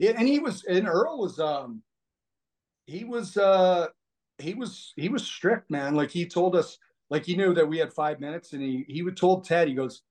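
A man, a podcast guest, telling stories in a rambling, animated way full of fillers. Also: high-pitched, measured pace. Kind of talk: casual storytelling conversation.

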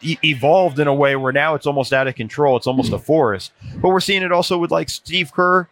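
Man telling stories, slightly high voice. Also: a little fast. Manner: animated anecdotes with frequent restarts. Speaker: podcast guest, former NBA video coordinator. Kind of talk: casual storytelling chat.

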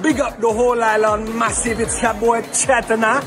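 A man's voice: very high voice, little pitch movement, moderate pace. A man putting on a brash fake Jamaican hype voice. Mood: hyped. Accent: put-on Jamaican. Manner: brash, chanting hype shout-outs. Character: young man hyping himself in fake Jamaican patois. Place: red carpet at an awards show. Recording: red-carpet clip with loud crowd and music. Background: loud crowd and music.

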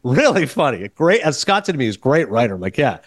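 A man's voice: medium pitch, fast talker, no echo, clean studio sound. A man hosting a film podcast, telling a casual story and acting out the quoted lines of others. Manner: animated, acts out quoted dialogue. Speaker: podcast host.

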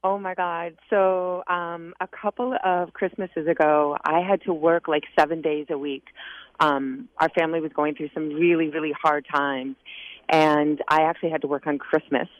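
A woman's voice: low-pitched, steady tone, normal speed, no room sound. A woman calling in to a radio show, telling a story and getting choked up. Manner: emotional, choked up. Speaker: caller. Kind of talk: phone-in storytelling. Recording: tinny phone line.

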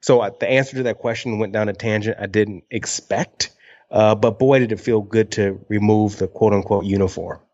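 A man's voice: on the low side, fairly even intonation, normal speed, a little mellow, dull audio. A man in his early forties from Michigan with a Michigan twang, talking frankly as a guest on a video call and swearing now and then. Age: early 40s. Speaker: guest, speaker and former TV host. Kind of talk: casual conversational interview.

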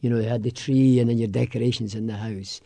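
A Scottish man chatting as a radio guest, easygoing and quick to laugh. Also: medium pitch, steady tone, gravelly, dark tone, dry recording. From Scotland. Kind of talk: casual radio interview.

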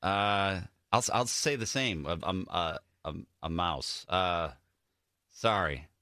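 A man's voice: sits low, lively intonation, slow pace, bright, forceful tone, dry recording, studio quality. A man co-hosting a casual podcast, joking and guessing aloud with a hesitant manner. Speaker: co-host.

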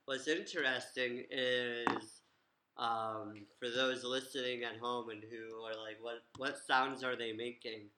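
A man hosting a casual chat, asking curious guiding questions at an unhurried pace. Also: mid-range voice, fairly even intonation, sharp tone, reverberant, slight background noise, poor audio. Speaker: host. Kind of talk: casual language-learning podcast chat.

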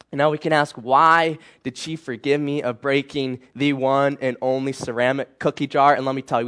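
A tired young man preaching to a youth group, telling a personal story with animated swings between loud and hushed. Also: on the high side, smooth.

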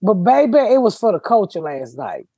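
Casting: loud-mouthed woman host, husky, dry studio sound, brash profane storytelling. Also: medium pitch, very animated, moderate pace, no echo. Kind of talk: casual podcast chat.

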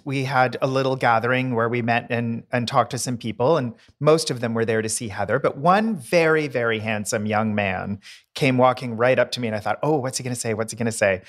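A man co-hosting a casual podcast with a friend. He talks at a middling pitch and tells anecdotes with relish, now and then mimicking voices for a laugh. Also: fairly bright tone. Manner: chatty, playful, mimics voices for effect. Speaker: podcast co-host, decorator. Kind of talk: casual chat, storytelling.

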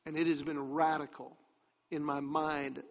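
A man's voice: fairly high pitch, level tone, a little slow. A man giving a sermon as a pastor, telling a personal story in a confiding way that turns emphatic. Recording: long hall reverb, dull lo-fi sound.

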